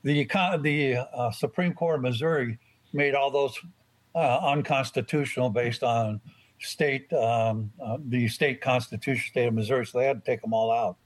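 A man's voice: mid-range voice, steady tone, moderate pace, low-quality recording. An older man in a casual group chat, talking in a rambling, hesitant way.

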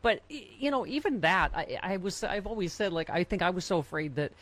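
A podcast host leads a casual chat, animated and laughing often. The host jumps from thought to thought in a voice of middling pitch. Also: fairly quick.

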